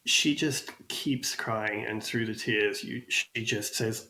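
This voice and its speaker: A man's voice: on the low side, takes it slowly, hardly any pauses, pushed and bright. A man narrating as game master in a casual way, with many fillers. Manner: casual, fillers, laughs easily. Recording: echoey room.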